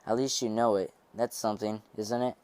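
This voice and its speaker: A man reading the lines of a gruff, scornful stooped old man with a nasal tenor, in an amateur audiobook reading. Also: fairly low pitch, level tone, a little fast, darkish tone, natural voice. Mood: gruff scolding. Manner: scolding, mocking.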